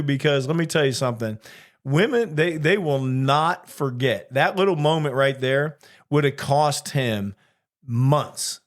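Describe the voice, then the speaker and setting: A man's voice: medium pitch, measured pace. A man co-hosting a casual chat podcast, telling stories animatedly and acting out the exchanges he quotes. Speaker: podcast co-host, flight attendant.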